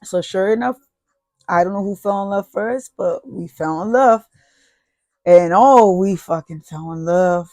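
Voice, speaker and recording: A podcast host tells a personal story in casual, rambling fashion, swearing freely and restarting sentences. The pitch sits in a middle range. The sound is dry and close, with no room echo. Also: unhurried, mellow.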